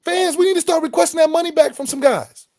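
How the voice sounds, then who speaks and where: A man co-hosting a sports podcast in casual chat, animated, laughing and trash-talking. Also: very high-pitched, quick pace. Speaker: podcast co-host. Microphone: webcam setup.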